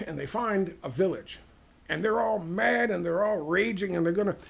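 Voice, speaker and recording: A man with an American accent giving a heated, profane political monologue, firing off rhetorical questions and dropping to hushed tones. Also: sits high, normal speed, vocal fry, breathy edge. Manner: ranting, drops to hushed tones. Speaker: political commentator.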